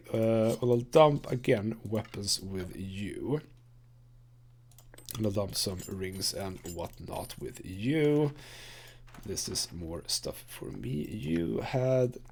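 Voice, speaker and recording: A man's voice: fairly low pitch, creaky, a little mellow. A man hosting a let's play, casually commenting on gameplay and thinking aloud with frequent fillers.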